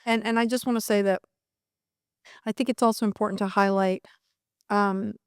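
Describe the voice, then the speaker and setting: A middle-aged woman talks in an easy, gushing, chatty way as a podcast guest. Her voice is smooth and clear, sitting at an average pitch for a woman. It is recorded dry and close, with no room sound. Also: steady tone, moderate pace, no room sound. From Colombia. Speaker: immigration attorney, podcast guest. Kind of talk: casual interview chat.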